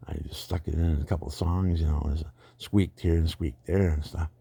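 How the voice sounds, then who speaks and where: Gravelly older man rambling on. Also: extremely low pitch, fairly even intonation, normal speed, warm tone, dry recording. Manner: rambling, digressive, laughs at own stories. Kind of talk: rambling personal monologue.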